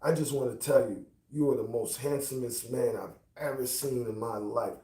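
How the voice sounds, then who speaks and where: A man's voice: mid-range voice, fairly even intonation, normal speed, dark tone, natural voice. A man voicing an admiring young woman on the street who insists on her compliment. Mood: insistent. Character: flattering young woman passerby. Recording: roomy, distant from mic.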